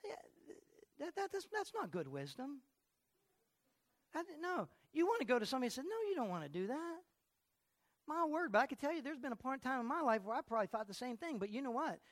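Animated woman pastor preaching, dry sound. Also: sits high, fast talker, no room sound. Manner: animated preaching, asks the congregation questions and laughs often. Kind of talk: sermon. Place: church sanctuary.

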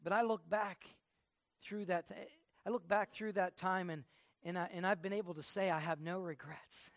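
Male pastor preaching, kinda high bright voice, stumbles and repeats himself a lot, dry sound. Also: fairly even intonation, dry recording. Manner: conversational preaching with frequent halting repeats. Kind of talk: sermon.

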